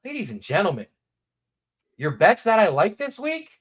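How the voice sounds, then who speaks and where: Animated male sports host, casual and repetitive, big pitch swings. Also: normal speed, husky. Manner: animated, repetitive, hypes picks. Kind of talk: casual sports betting talk.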